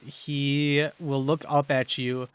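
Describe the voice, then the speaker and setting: A man narrating a tabletop role-playing game as game master, pausing with many fillers. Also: medium pitch, level tone, clean tone, no room sound.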